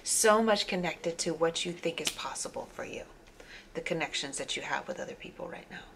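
Gravelly low-voiced woman reading tarot. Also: brisk, fairly bright tone, a little hiss or hum. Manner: meandering, with frequent fillers and self-corrections. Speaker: tarot reader. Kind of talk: casual spoken tarot reading.

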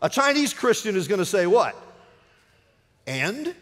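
A male pastor delivering a sermon in a long-reverb sanctuary. His voice sits high and moves through a very wide range, rising to emphatic peaks and falling to hushed, low-spoken phrases. The hall carries a long echo behind every line. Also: very animated, normal speed. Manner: dynamic preaching, drops to a hushed low voice for emphasis. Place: church sanctuary.

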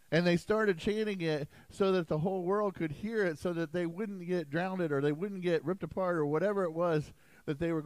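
A man preaching a sermon as pastor in a church sanctuary, emphatic and animated. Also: mid-range voice, no echo, low-quality recording.

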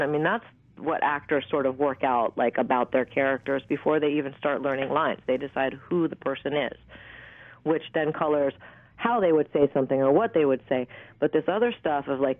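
A woman in her fifties, an actress, telling stories in a candid, animated way with plenty of fillers and the odd swear word. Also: sits low, brisk, no room sound. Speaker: actress and interview guest. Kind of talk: casual storytelling interview. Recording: tinny dry phone line.

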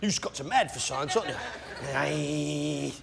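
Bombastic male stand-up comic, lively pitch. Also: quick pace. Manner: bombastic, shouting, lively crowd work. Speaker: stand-up comedian. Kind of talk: stand-up comedy routine. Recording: noisy recording with loud audience.

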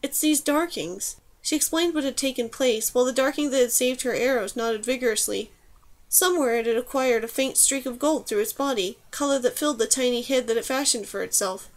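A woman narrates an audiobook in a steady, even reading voice. Her pitch sits a little high for a woman. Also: fairly quick. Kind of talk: scripted narration.

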